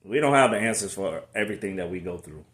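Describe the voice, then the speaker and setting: Dude vlogging about faith, casual and preachy, voice bouncing all over, echoey room. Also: male voice, low-pitched, lively intonation, fast talker, fairly bright tone. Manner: conversational, preachy, with slangy asides. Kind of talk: casual motivational talk to camera.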